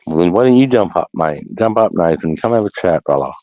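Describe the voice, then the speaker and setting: Australian man, livestream chat, deep voice, dry close sound, swears a lot, laughs often. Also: lively intonation, quick pace, dark tone, no echo, highs cut off. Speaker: livestream host.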